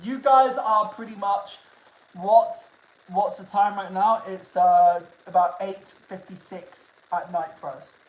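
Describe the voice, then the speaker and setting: Chill young dude on a livestream, swears a lot, kinda echoey room. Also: male voice, high-pitched, steady tone, slow pace. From United Kingdom. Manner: laid-back, swears freely, repeats himself. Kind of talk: casual livestream chat with viewers. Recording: roomy echo.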